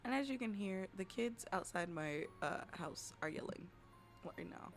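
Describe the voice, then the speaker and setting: A woman streamer at home on a desk mic, telling a story to her chat in a profane, dramatic way, swinging from loud outbursts to hushed whispers. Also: medium pitch, animated, normal speed, soft background music. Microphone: desk microphone.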